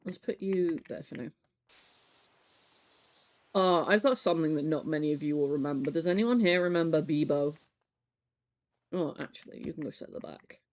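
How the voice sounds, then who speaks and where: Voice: medium pitch, normal speed, pauses often, poor audio. Chatty, swearing streamer in their thirties. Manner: chatty, swears freely, laughs often; reminiscing, animated storytelling. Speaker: live streamer. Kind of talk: casual chat while cleaning on stream.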